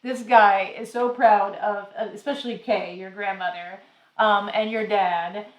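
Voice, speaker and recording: A woman host chatting casually on a live stream, animated and telling stories with acted-out quotes. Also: medium pitch, a little slow, roomy sound, dull audio. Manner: animated storyteller, acts out quotes loudly. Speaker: travel show host.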